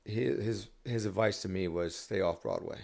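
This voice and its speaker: A man's voice: lowish voice, normal speed, gravelly, darkish tone. A man talking as a songwriter guest on a podcast, rambling casually with many restarts and fillers.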